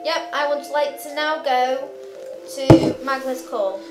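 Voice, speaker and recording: A woman playing a tabletop game, lively and blunt. The voice sounds roomy, with music behind it. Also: high-pitched, unhurried, distant mic. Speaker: player.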